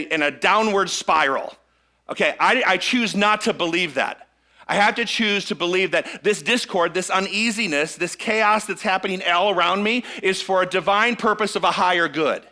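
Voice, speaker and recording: Male minister, middle-aged, sermon to a congregation, call-and-response, bright tense tone. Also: sits high. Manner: engages the congregation with frequent check-ins and call-and-response. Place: church sanctuary with a live congregation.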